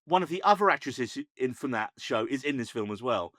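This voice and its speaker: A man's voice: medium pitch, fairly quick, dry recording, clean studio sound. Mocking man podcast co-host. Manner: animated, mocking, sweary. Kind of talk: casual chat.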